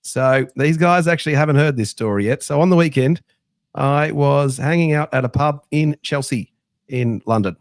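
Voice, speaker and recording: A man with an Australian accent hosts a sports podcast in casual chat. He tells stories in a chatty, animated way, at a middling pitch. The sound is dry and close. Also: dry recording. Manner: chatty storyteller, animated anecdotes. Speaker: podcast host.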